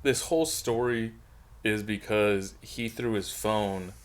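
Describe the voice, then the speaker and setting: A young man co-hosting a podcast, chatting casually, excitable and profane. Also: lowish voice. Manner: excitable, profane, quick to laugh. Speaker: podcast co-host. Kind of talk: casual chat.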